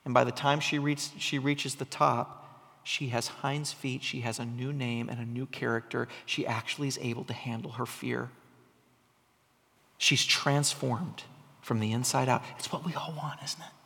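A man preaching a sermon, telling a story with animation and sometimes dropping to a soft, intense tone. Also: mid-range voice, little pitch movement, unhurried, gravelly. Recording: long hall reverb.

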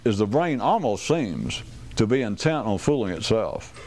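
A man's voice: fairly low pitch, very animated, moderate pace, a little mellow. A man giving a rambling, wry talk to a small group, restarting sentences and acting out quoted voices.

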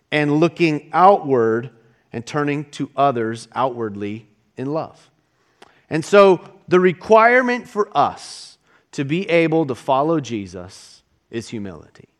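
A male pastor preaches a sermon in a conversational, unhurried manner, often restarting a phrase before carrying on. His voice sits a little higher than most men's. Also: a bit bright.

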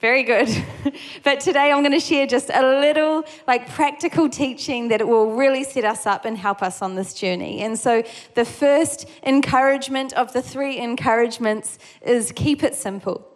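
A woman's voice: high-pitched, moderate pace, few pauses. A woman giving an informal, casual teaching on prayer, often laughing and using everyday fillers. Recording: long reverb.

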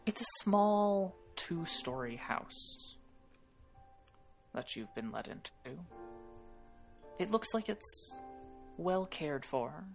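A man's voice: high-pitched, big pitch swings, takes it slowly, vocal fry, pauses often, faint music behind. A man narrating as game master of a tabletop role-playing game, hesitant and full of restarts.

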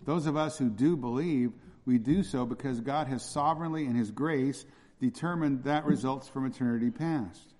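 A man's voice: medium pitch, moderate pace, darkish tone. A man preaching an expository sermon as pastor, emphatic and repetitive, often checking with his listeners through rhetorical questions. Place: church hall. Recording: long hall reverb.

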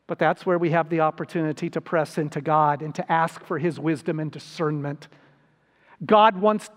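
A man preaching a sermon as pastor, slow and deliberate, with sudden rises for emphasis. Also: a little high, in a large hall.

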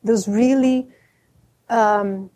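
A woman Zen teacher giving a dharma talk. She is reflective and candid, slowing down to stress key words, with some self-deprecating humor. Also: a little high, steady tone, mellow.

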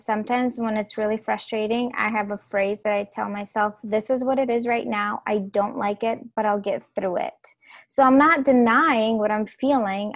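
A woman in her thirties, a parenting coach for mothers, speaking earnestly in a podcast interview and softly repeating calming phrases. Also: a little high, no room sound. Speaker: guest, parenting coach for moms.

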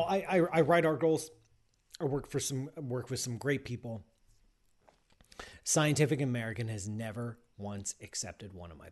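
A middle-aged man hosting a podcast, answering listener questions in casual, rambling chat with teasing asides. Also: medium pitch.

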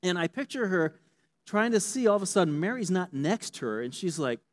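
With a voice that sits high and a slightly quick pace, the pastor gives a lively, conversational sermon and keeps checking in with his listeners.

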